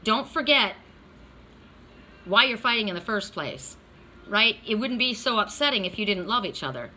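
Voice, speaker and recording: A bright, forceful woman reads oracle cards in a casual, blunt way. She swears freely and keeps asking "right?" over a faint background hum. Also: mid-range voice, lively intonation, moderate pace. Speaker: oracle card reader. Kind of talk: casual card reading.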